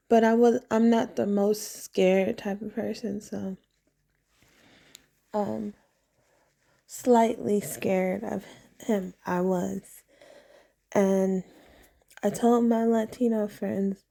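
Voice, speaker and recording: A woman with a medium-pitched, creaky voice and a dark tone tells a personal story from her bedroom at home. She vlogs casually and rambles, meandering along, trailing off and restarting often.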